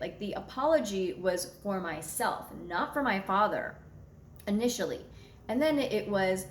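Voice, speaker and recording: An astrology content creator speaks in a medium-pitched, expressive voice at a somewhat slow pace, giving her viewers a candid, casual monologue. She's blunt and doesn't shy away from swearing, and the echoey room adds slight background noise.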